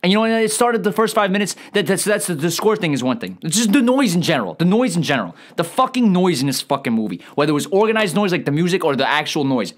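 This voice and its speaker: A man tears into a film in a quick, swooping comic rant. His voice jumps high and drops low as he piles on profanity. He sounds rambling and exasperated throughout. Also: big pitch swings. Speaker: comedic ranting reviewer. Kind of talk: comedic movie rant.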